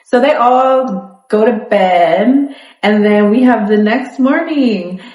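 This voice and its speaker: A young woman from South Florida giving a sassy, animated casual recap of a reality show. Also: medium pitch, takes it slowly. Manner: animated, sassy, talks back to the screen. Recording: echoey room.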